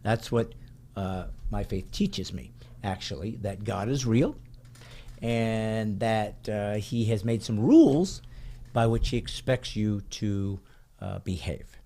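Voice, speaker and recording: A man hosting a podcast, talking casually in an animated, chatty way and correcting himself as he goes. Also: fairly low pitch, slow pace. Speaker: podcast host.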